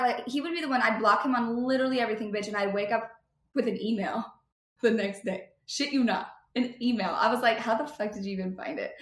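A woman's voice: medium pitch, a little fast, a bit bright. A young woman in casual chat, talking in a blunt, profane and emphatic way. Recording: echoey room.

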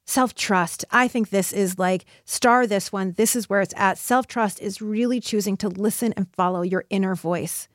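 A woman's voice: medium pitch, normal speed, hardly any pauses, no room sound, studio quality. A woman hosting a solo podcast episode, talking in an earnest, encouraging way and acting out inner voices in quoted lines. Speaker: podcast host.

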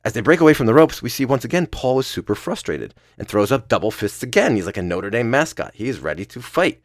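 A man's voice: mid-range voice, very animated, quick pace, no room sound, clean studio sound. A man hosting a podcast, giving a casual, profane and playful play-by-play recap of a match, often laughing. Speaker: podcast host.

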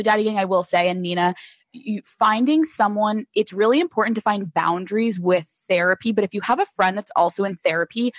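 A woman's voice: medium pitch, no room sound, lo-fi sound. A woman hosting a podcast in casual chat, gushing and swearing freely, with lots of "like" fillers. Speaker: podcast host.

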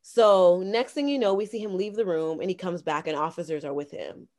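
A Canadian woman in a casual podcast chat, telling a story in an animated way and acting out the dialogue. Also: fairly low pitch, fairly quick. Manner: animated, acts out quoted dialogue. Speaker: guest.

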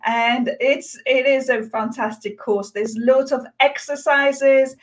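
An enthusiastic woman who writes books and makes courses talks emphatically as a guest in an online interview. She sprinkles in "you know" as she goes, and her voice sits on the high side. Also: fairly even intonation, slow. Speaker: author and course creator guest.

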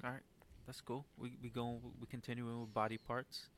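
Young man, mid-pitched voice, blunt, filler-heavy casual talk. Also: little pitch movement, normal speed, fairly bright tone, a little hiss or hum. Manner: loose, blunt, many fillers and short agreements. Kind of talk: casual chat.

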